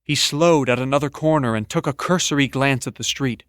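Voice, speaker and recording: A man narrating an audiobook in a steady, measured storytelling manner on a close studio mic. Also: medium pitch, clean tone, dry recording. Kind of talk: scripted narration.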